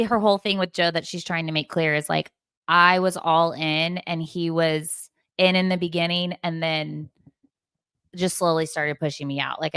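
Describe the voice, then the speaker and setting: A woman hosting a podcast, chatting casually about an album in an animated way and leaning on filler words. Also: sits low, clear, resonant tone, no echo, studio quality. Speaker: podcast host. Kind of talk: casual chat about music.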